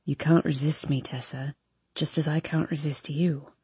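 A woman voicing a brooding drunk young man who pleads in a low, slurred murmur. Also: fairly even intonation, moderate pace, mellow, slightly rough, no echo.

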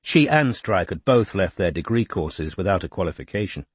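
Husky low-voiced male audiobook narrator. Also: no echo. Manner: measured, even reading. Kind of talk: scripted narration.

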